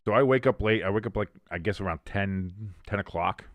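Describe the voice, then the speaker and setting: A man's voice: lowish voice, fairly quick, no echo. A man hosting a sports watch-along stream, chatting casually with chat and calling the plays in a rambling way with many restarts.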